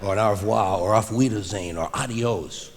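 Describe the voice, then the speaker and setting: On a theater stage before an audience, a man performs stand-up with a wry, deadpan delivery that builds up to loud punchlines. His voice is lowish and his pace brisk. It was recorded live for a vinyl album, with long hall reverb and an audible audience.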